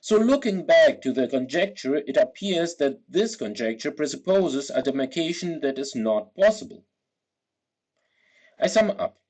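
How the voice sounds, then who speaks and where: A man's voice: medium pitch, a little mellow, poor audio. A man giving an academic philosophy talk in a careful, structured way. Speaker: lecturer.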